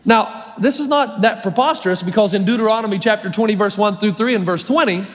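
A man's voice: sits high, fast talker. A male pastor preaching a sermon, storytelling and emphatic, with long hall reverb. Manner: storytelling, emphatic, varies his pace.

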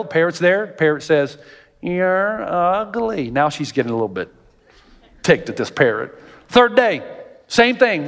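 A man with a high voice preaches to a congregation, in an animated storytelling manner with acted-out quotes. His voice rings with a long hall reverb, as in a big church auditorium. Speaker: pastor. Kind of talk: sermon.

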